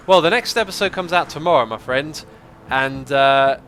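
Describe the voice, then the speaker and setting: A man hosting a casual gameplay livestream, chatting, thinking out loud and answering viewer comments. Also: a little high, normal speed, a little hiss or hum. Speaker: livestream host.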